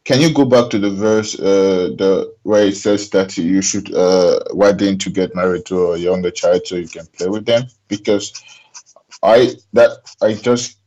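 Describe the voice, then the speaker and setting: A man's voice: deep voice, fairly even intonation, a little slow, mellow, highs cut off. A man from Nigeria calling in, speaking hesitantly with many fillers and restarts. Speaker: caller. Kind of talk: call-in conversation.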